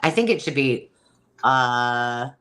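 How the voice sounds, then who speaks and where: A woman's voice: extremely low pitch, animated, takes it slowly, a bit bright. A middle-aged woman hosting a live sale, talking in a rambling, chatty way with frequent ums. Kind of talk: casual live-stream selling chat.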